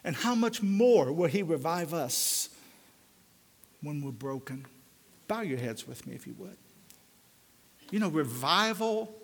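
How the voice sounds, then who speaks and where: Older man, preacher, sermon, fairly high voice, fervent loud build-ups then hushed pleading, long hall reverb.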